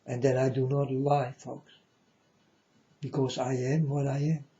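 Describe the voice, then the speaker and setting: A man's voice: medium pitch, little pitch movement, a little slow, mellow. A man giving a repetitive, insistent preaching monologue to viewers, calling them folks. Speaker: self-styled religious speaker. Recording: dull lo-fi recording.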